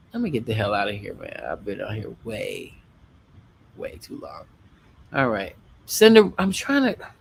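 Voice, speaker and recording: A man's voice: mid-range voice, vocal fry, slight background noise. A man chatting casually as a guest on a late-night livestream, rambling through loose sign-offs and talking to his viewers. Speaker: livestream guest and show host.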